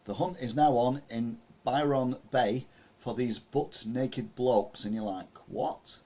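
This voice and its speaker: This podcast host from the UK speaks unhurriedly, with a mellow mid-range voice and fairly even intonation. On his casual news show he chuckles and rambles through stories, sharing his screen and murmuring little asides to himself.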